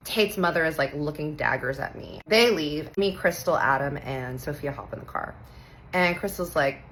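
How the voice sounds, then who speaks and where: A woman in her thirties from Texas, telling a funny personal story in a casual, animated way, acting out the voices and swearing playfully. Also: sits low, normal speed, slight background noise, low-quality recording. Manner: animated, acts out quoted voices, playful cursing.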